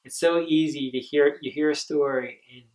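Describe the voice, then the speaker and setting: A man giving a training talk to camp counselors, earnest and halting, with frequent ums and restarts. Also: on the high side, fairly even intonation, a little mellow, recorded from a distance, rough recording. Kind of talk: instructional talk.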